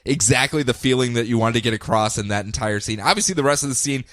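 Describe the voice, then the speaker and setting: A man's voice: medium pitch, fast, a bit bright, no echo, studio quality. A man co-hosting a podcast, retelling comic stories in casual chat and acting out the characters' lines. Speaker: podcast co-host.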